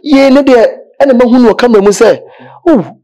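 A man's voice: extremely high pitch, fairly quick, dark tone. A man with a Ghanaian accent, speaking animatedly in a casual interview, often pleading and switching into English. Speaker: gospel music manager interviewee. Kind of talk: casual radio-style interview in Twi and English.

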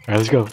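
A young man casually commentating his video game playthrough, swearing freely, laughing often and bursting into excited outbursts. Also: fairly low pitch. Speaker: gaming streamer. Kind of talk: casual let's play commentary.

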